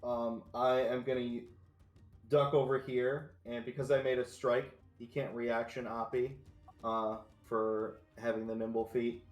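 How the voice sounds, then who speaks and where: A man's voice: mid-range voice, level tone, a little slow, soft background music. Brash male player in an echoey room. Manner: brash, swears, jokes. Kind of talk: casual game chat. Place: online voice call.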